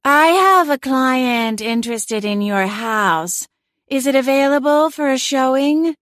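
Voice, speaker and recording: A vain, imperious talking cat, as a woman narrator voices her in a cozy audiobook. She speaks higher than the narrator, sharp-tongued and bossy. The recording is dry and close. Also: lively intonation, slow, no echo, exaggerated voice. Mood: airy put-on. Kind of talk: audiobook character voice.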